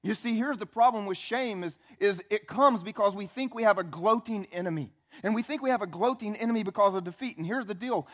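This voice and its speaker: A man preaching a church sermon, swinging between quiet, intimate asides and loud, emphatic peaks. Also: high-pitched, expressive, brisk. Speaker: pastor. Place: church sanctuary.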